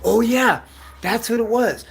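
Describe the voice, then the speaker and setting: A man's voice: very high-pitched, unhurried, vocal fry, slight background noise. A man hosting his own livestream, telling loose run-on stories packed with cursing. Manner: heavy profanity, loose run-on storytelling. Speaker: livestream host. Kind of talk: casual rambling livestream rant.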